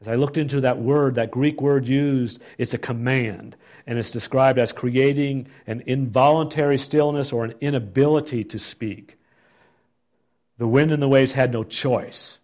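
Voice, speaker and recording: A man leading a Bible study, reading scripture and reflecting on it in an expressive, thoughtful way. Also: mid-range voice, normal speed. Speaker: Bible teacher.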